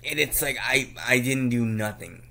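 A young man venting in a casual, slangy monologue, repeating himself and bursting into loud outbursts. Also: mid-range voice, lively intonation, moderate pace, creaky. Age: young adult. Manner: slangy, repeats himself, laughs at his own jokes. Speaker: vlogger.

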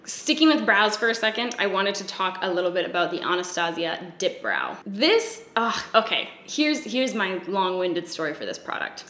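A woman's voice: medium pitch, fairly bright tone. A young woman telling a long, candid story on her beauty vlog, chatty and casually swearing. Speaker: beauty vlogger. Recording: echoey room.

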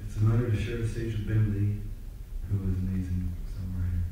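A man's voice: lowish voice, steady tone, fairly quick, mellow, a little hiss or hum. A man telling rambling, self-mocking stories between songs on a theater stage, laughing often at himself. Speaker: singer-songwriter on stage. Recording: distant, roomy live concert recording. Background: guitar and audience.

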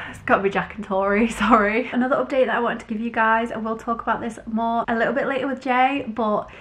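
A woman's voice: a little high, fairly even intonation, brisk, a bit bright. A young woman with an English accent chatting casually to a handheld camera as a lifestyle vlogger, gushing and filling her talk with "literally" and "like.". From England. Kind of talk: casual vlog chat to camera.

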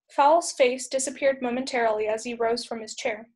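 A woman teacher reading a chapter book aloud, steady and clear. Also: on the high side, moderate pace. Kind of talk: read-aloud storybook narration.

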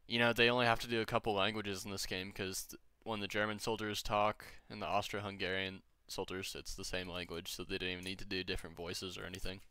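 A man's voice: low voice, little pitch movement, fast talker, hardly any pauses, pushed and bright, clean tone, no echo. A young man chatting casually with friends while gaming, rambling, joking and swearing freely. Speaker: gamer streaming with friends.

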